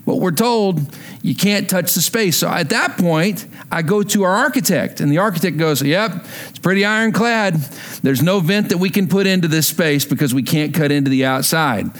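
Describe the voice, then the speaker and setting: A middle-aged male pastor preaching a sermon, telling a story in an animated way and climbing higher when stirred. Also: moderate pace.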